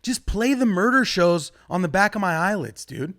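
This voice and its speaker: A young man works through a stand-up set in a rambling, foul-mouthed way. His fairly high voice swings widely in pitch and leaps into loud outbursts. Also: normal speed. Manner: profane, rambling, animated delivery with sudden loud jumps. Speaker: stand-up comedian.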